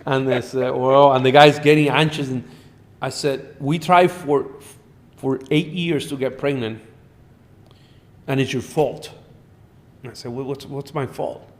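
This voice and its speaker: A middle-aged man, a doctor guest on a podcast, telling animated patient stories in a blunt, profane way. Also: mid-range voice, measured pace, long pauses. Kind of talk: storytelling in a podcast interview.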